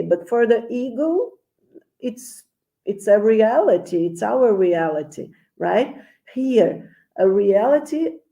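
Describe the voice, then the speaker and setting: Slow, mellow-voiced woman musing aloud. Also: mid-range voice, poor audio. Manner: thoughtful, rambling, many fillers and restarts. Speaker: podcast co-host. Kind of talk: discussion on psychology and spirituality.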